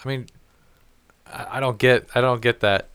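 A man spins a rambling, profane story in a casual chat, slipping into quoted voices along the way. His voice is smooth and resonant, and the sound is dry and close with no room to it. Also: mid-range voice, steady tone, moderate pace, fairly bright tone, dry recording.

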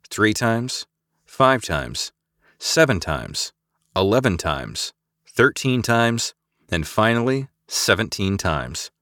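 Guy reading a cool decisive woman leader, low voice, lively delivery, audiobook. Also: no room sound, clean studio sound. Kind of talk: scripted audiobook acting.

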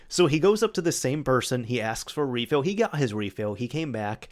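A man hosting a solo podcast, casually telling a story with lots of restarts and animated retold dialogue. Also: medium pitch, brisk. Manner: rambling, with many restarts and fillers; quotes friends in animated retellings. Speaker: podcast host.

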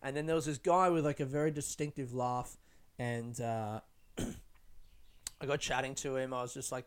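A man's voice: medium pitch, fairly even intonation, normal speed, smooth. A young adult man, a stand-up comedian, talking in a casual reflective vlog style, rambling with lots of "like", restarts and casual swearing.

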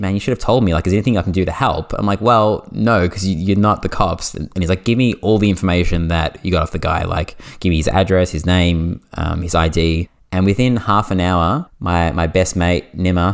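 An Australian man hosting a podcast, telling a story in casual chat, animated and full of "like" fillers. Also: low voice. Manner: animated, fast anecdote with lots of "like" fillers. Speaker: podcast host.

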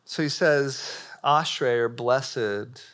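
A young adult man preaches to a live church-hall audience at a slow pace, his voice medium in pitch. The sermon is casual and animated, with frequent fillers.

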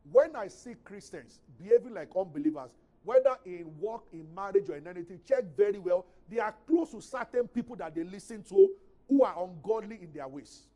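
A man with a Nigerian English accent preaching a sermon as pastor, swinging between loud, emphatic scripture reading and quiet, conversational asides. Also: sits high, animated, fairly quick.

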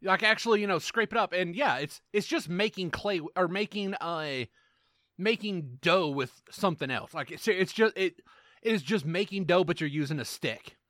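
Animated, ranting man with lively pitch. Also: moderate pace, dry recording, studio quality. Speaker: podcast co-host. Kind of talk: casual chat.

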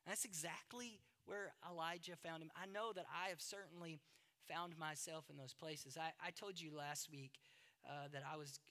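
A middle-aged male pastor preaching a sermon, dramatic, moving from loud emphasis to hushed asides. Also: on the high side, steady tone, moderate pace.

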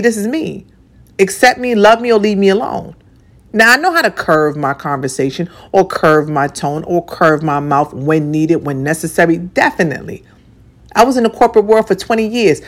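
Woman, 40s, radio personality; blunt and outspoken, swearing freely, punches her points with repetition, mid-pitched, with sudden soft asides. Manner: swings between soft and punchy delivery. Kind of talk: candid personal monologue.

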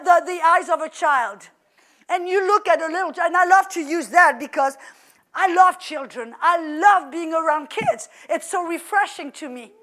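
A woman preacher delivering a lively sermon in a very high voice. She talks in animated bursts, full of exclamations and repeated fillers. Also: measured pace.

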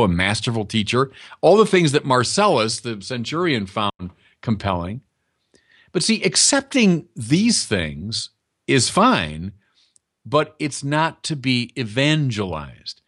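Guy preaching a sermon, chatty but emphatic, voice swings up and down a lot. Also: mid-range voice. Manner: conversational, emphatic teaching with direct appeals to listeners.

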